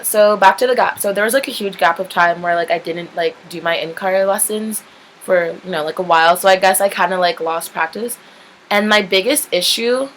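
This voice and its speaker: A woman's voice: fairly low pitch, fairly bright tone, a little hiss or hum, low-quality recording. Chatty young woman rambling through a story. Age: young adult. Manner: chatty, rambling, heavy use of "like", candid swearing. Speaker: vlogger. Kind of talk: casual storytelling.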